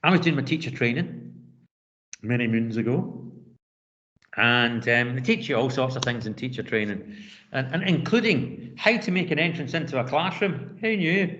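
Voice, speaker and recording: Fast-talking Scottish man teaching. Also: medium pitch, lively intonation, fairly bright tone, highs cut off. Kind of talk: casual classroom storytelling.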